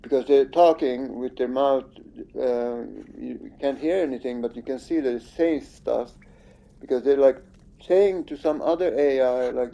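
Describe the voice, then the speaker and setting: A man's voice: mid-range voice, measured pace, vocal fry, warm tone, lo-fi sound. A man giving casual, rambling commentary over his own gameplay, accusing and swearing at the screen.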